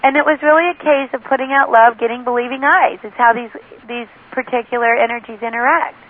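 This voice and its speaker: A woman's voice: on the high side, fairly even intonation, fairly quick. A woman author and spiritual teacher giving an interview, telling stories with enthusiasm and often quoting other people. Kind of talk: phone interview, teaching talk. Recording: tinny phone line.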